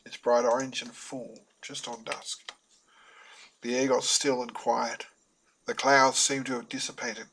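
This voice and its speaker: A man's voice: mid-range voice, fairly bright tone, low-quality recording. A man with a mid-range voice reads his own story aloud in a chatty, wry style. He slips in joking asides between plain narration, as in a homemade audiobook. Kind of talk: self-published audiobook narration.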